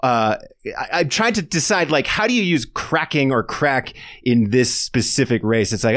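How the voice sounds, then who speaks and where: A man's voice: mid-range voice, animated, normal speed, a bit bright, dry recording, clean studio sound. A man hosting a casual sports podcast, talking in a playful, jokey way and putting questions to his guests. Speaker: podcast host. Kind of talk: casual cycling chat.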